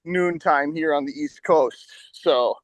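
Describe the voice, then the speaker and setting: Male podcast host, high, dry, quick-joking, profane. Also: dry recording. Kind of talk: casual sports betting chat.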